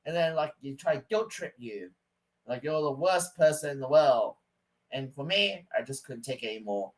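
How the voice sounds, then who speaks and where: A man's voice: medium pitch, lively intonation, normal speed, rough recording. A man ranting to camera in a rambling, stop-start, aggrieved way. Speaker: vlogger. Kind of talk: casual rant to camera.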